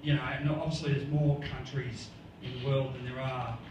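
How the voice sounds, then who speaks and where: A man's voice: mid-range voice, steady tone, moderate pace, a little mellow, muffled recording. A man with an Australian accent doing a rambling stand-up set, laughing at his own jokes. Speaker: stand-up comedian. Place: comedy club stage. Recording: echoey room, far mic, noisy.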